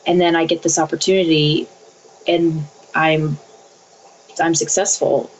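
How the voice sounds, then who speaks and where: A woman's voice: sits low, level tone, a little slow, a little hiss or hum, poor audio. A woman in her thirties answering interview questions earnestly, repeating phrases as she speaks about faith and family. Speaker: interview guest.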